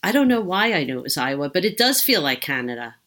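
A woman with a bright, clear tone co-hosts a podcast in casual chat. She rambles through her thoughts, scattering "like" fillers as she goes. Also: sits low, sing-song, fast talker. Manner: chatty, rambling with many "like" fillers. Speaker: podcast co-host.

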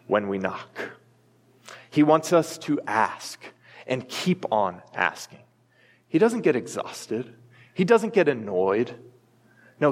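A man in his thirties preaching a sermon as a pastor, earnest and emphatic, telling a family story to make his point. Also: medium pitch. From United States. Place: church sanctuary. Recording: long reverb of a church hall.

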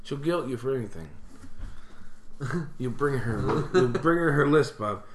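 A man's voice: medium pitch, lively intonation, unhurried, slight background noise. A man co-hosting a podcast, telling family stories in casual chat, swearing freely and laughing often. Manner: profane, laughing, mimics relatives in quoted voices. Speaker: podcast co-host. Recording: echoey room.

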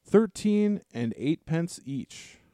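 A frightened, rich old dragon pleads and bargains in a raised, wheedling voice, as a man puts him on during a story reading. The tone stays mellow and the sound is dry and close. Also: a little high, expressive, slow pace, no echo, voice pushed up. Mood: pleading, wheedling. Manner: anxious, wheedling, haggling.

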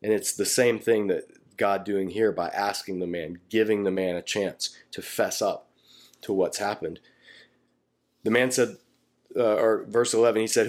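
A man with a lowish voice talks through a scripture passage like a relaxed classroom teacher. He explains verse by verse in a conversational way and livens it up by acting out the people he quotes. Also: moderate pace. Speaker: Bible teacher.

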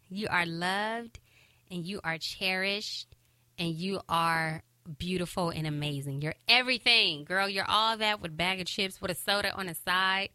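A woman's voice: medium pitch, no echo. A woman hosting a podcast in casual, heartfelt talk, cheering listeners on with emphatic repetition. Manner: warm, encouraging, emphatic repetition. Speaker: podcast host.

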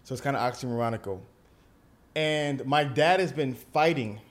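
A young man hosting a podcast, talking in an animated, emphatic way and often repeating words as he builds up a point. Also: medium pitch, moderate pace. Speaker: podcast host. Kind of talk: casual podcast conversation.

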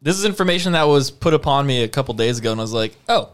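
A man's voice: mid-range voice, animated, very fast. A man chatting casually and teasing his co-hosts. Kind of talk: casual chat.

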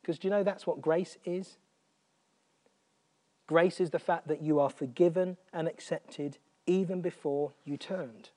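A man preaching a sermon, earnest, repeating phrases for emphasis and dropping almost to a whisper on quiet points. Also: fairly high pitch, steady tone, unhurried.

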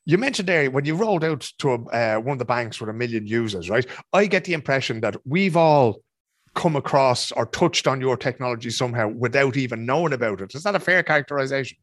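A man hosting an interview, chatty and colloquial with quick interjections. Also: mid-range voice, animated, fairly bright tone, no room sound, studio quality. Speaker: podcast host. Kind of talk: casual interview chat.

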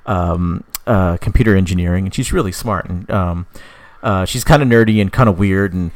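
Low-voiced young man, rambling casual chat. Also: normal speed, no echo. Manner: rambling, profane, lots of fillers. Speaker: podcast co-host pitching a story idea.

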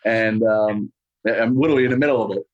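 A man's voice: fairly low pitch, fast, no room sound, highs cut off. A man from New York, a musician and guest, chatting from his home studio and rambling with constant "you know"s. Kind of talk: casual interview chat.

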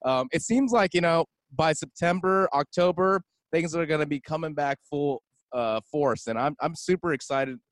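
Casual co-host, male DJ, easygoing, fairly high voice, dry close sound. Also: normal speed, hardly any pauses, no room sound. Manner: laid-back, says "man" a lot, laughs often. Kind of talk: casual chat.

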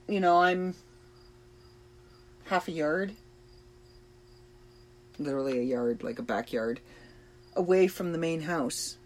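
A woman hosting a podcast, talking slowly and thoughtfully about personal struggles with pauses and fillers. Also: deep voice. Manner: slow, reflective and emotional, with pauses and fillers. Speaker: podcast host. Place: trailer in a backyard.

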